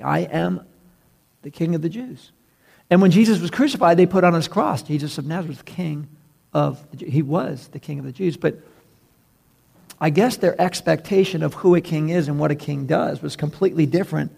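Man pastor, sermon delivery, gravelly edge, emphatic with low drops on key words. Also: darkish tone.

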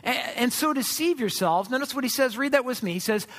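A middle-aged man preaches in a relaxed, conversational way, sliding into playful imagined voices. His voice sits very high for a man. The sound rings with long reverb from the church hall. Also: fairly quick. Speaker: pastor. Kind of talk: sermon. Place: church sanctuary.

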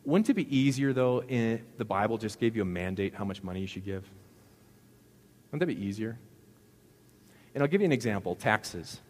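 A middle-aged male pastor delivers a relaxed, humorous sermon, talking with the congregation and tossing rhetorical questions at them. His voice sits low. It rings out with a long reverb from a large church hall. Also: normal speed, pauses often. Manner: conversational, jokey preaching with rhetorical questions. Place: church sanctuary.

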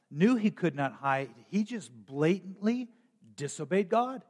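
A man preaching a sermon as pastor, with emphatic rises and frequent throat clearing. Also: sits high, darkish tone, big-room sound.

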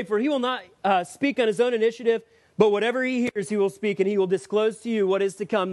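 A man with a high voice delivers a sermon in a relaxed, conversational way, leaning into emphatic questions for his listeners. The sound is dry and close, with little room around it. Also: no room sound. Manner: conversational and emphatic, rising to urgent appeals. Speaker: pastor.

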